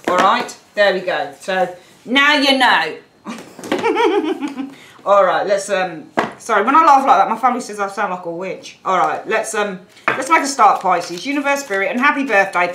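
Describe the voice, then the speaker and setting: A woman's voice: mid-range voice, a bit bright. A woman with a British accent giving a chatty, rambling tarot reading, with lots of asides to her viewers. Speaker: tarot reader. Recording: echoey room.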